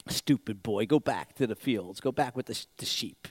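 Scornful soldiers, as a man puts them on, sneering at a boy in a low, muttering voice. The sound is dry and close. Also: animated, moderate pace, no echo, close to an everyday voice. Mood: mocking.

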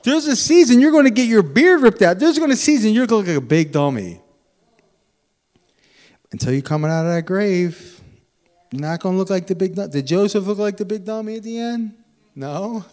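A man preaching a sermon in a lively, animated way, swinging between loud emphatic bursts and quiet asides. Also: high voice. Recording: long hall reverb.

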